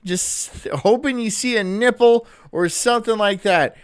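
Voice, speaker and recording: A man's voice: high-pitched, a little slow, smooth. A young man streaming on a headset mic, chatting casually in a joking, defensive way and laughing often. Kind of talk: casual livestream chat.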